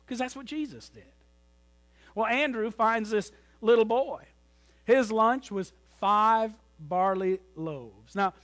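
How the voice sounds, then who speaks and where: High-voiced preacher with sharp swings. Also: male voice. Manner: storytelling preacher, rises loud then drops to near whisper. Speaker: pastor. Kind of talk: sermon. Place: church sanctuary.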